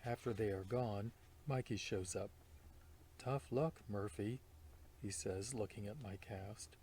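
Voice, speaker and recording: A man reading a children's novel aloud as a volunteer, expressive and sometimes dropping to a whisper in tense moments. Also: lowish voice, normal speed, a little hiss or hum. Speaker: volunteer read-aloud reader.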